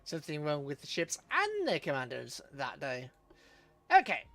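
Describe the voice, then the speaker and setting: A man's voice: on the high side, huge pitch swings, moderate pace, a bit bright. Chatty man streaming a game. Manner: chatty, chuckling, talks to chat. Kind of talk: live gameplay commentary.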